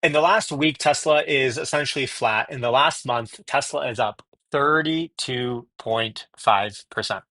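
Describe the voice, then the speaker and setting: A man hosts a relaxed live stream from home and rattles off viewer greetings in a friendly, chatty way. His voice sits in a middle pitch. The sound is dry and close, picked up by earbuds. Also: unhurried, few pauses, dry recording. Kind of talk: casual live stream chat. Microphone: wireless earbuds.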